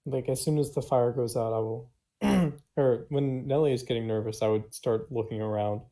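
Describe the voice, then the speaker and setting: Tabletop player, mellow, mid-pitched, eager to act. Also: moderate pace. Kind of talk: casual tabletop play.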